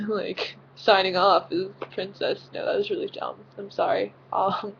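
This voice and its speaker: A woman's voice: mid-range voice, little pitch movement, measured pace, vocal fry, breathy edge, highs cut off. A teenage girl vlogging casually from her bedroom, rambling with lots of fillers and giggles. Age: teens. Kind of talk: casual vlog chat. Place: own bedroom.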